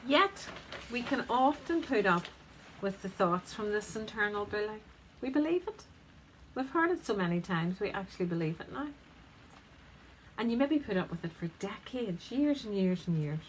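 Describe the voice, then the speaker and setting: An integrative therapist speaks straight to the viewer in a self-help talk that's conversational, emphatic and gently teasing. Her mid-range voice is very animated at a moderate pace, on a rough recording with slight background noise.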